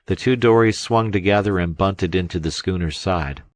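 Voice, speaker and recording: A man narrating an adventure novel as an audiobook, in steady, even storytelling. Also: deep voice, normal speed, no room sound, studio quality. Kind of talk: scripted narration.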